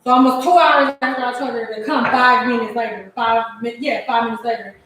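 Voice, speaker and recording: A young woman hairstylist tells a long story in a casual vlog while cooking at home, in a very echoey room. Her fairly high, fairly bright voice is brisk with fairly even intonation, and she rambles with many restarts and a lot of "like".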